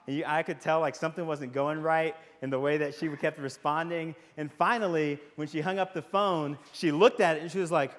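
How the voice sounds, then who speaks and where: A man's voice: a little high, fairly even intonation, fairly quick, hardly any pauses. Texan man telling stories in a hall. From Waco, Texas. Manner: casual, storytelling, jokey, questions the audience. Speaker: psychology professor. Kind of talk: convocation talk to students. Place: large hall with audience. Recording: long hall reverb.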